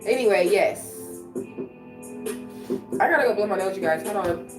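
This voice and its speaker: A woman's voice: mid-range voice, moderate pace. A sick woman hosting a casual livestream at home, chatting and answering viewers' comments aloud. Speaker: livestream host. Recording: echoey room, far from mic, music playing.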